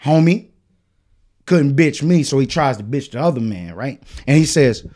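Male podcast host, casual storyteller, profane, very expressive pitch. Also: moderate pace. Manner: animated, profane storytelling, acting out the other people's lines.

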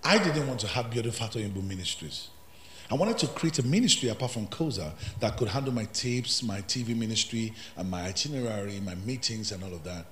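A man preaching a sermon as pastor, swinging from hushed asides to shouted climaxes. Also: fairly low pitch, animated, brisk, reverberant, a little hiss or hum.

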